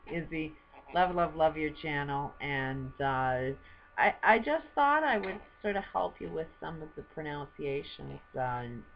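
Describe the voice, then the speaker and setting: A woman's voice: low voice, highs cut off. An older woman vlogging at home, chatting to camera in a rambling way and laughing often. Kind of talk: casual chat to camera. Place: at home with a pet bird.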